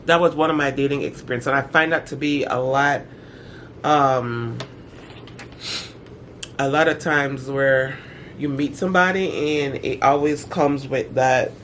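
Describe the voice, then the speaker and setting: A middle-aged woman vlogger in casual storytime chat, talking in an animated, slangy way with dramatic asides. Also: a bass voice, a little slow, long pauses, slight background noise.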